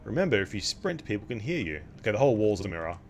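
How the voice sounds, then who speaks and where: A man's voice: fairly low pitch, big pitch swings, rapid-fire, soft background music. Wry young man streaming a game. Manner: wry, sarcastic asides. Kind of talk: casual gameplay commentary.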